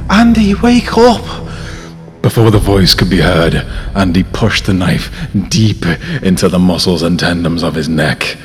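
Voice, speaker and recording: Deep-voiced man reading a horror tale. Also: big-room sound. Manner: dramatic, drawn-out storytelling. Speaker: podcast host. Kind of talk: mock-horror story reading.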